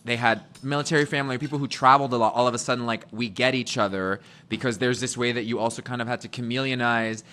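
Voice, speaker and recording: Bright-voiced, rambling male podcast guest. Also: mid-range voice, fairly even intonation, fast talker, hardly any pauses. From England. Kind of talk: casual chat.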